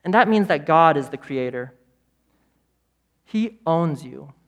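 A man preaching a sermon as pastor, emphatic, with repeated phrases and dramatic pauses. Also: a little high, lively intonation, lo-fi sound. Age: adult parent of young children.

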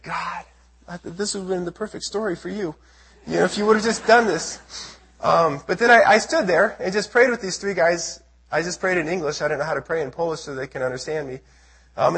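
A man from the United States giving an earnest testimony sermon to a church as a missionary speaker, telling his story with a husky voice. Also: on the high side, fairly bright tone. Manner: earnest storytelling, acts out his own prayers and quotes.

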